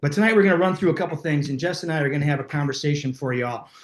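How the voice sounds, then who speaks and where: A man hosting a live talk, telling stories in a lively, casual way and slipping into voices for the people in them. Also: on the high side, very fast, roomy sound. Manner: animated, acts out voices in his stories. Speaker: host. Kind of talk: casual storytelling to a live online audience.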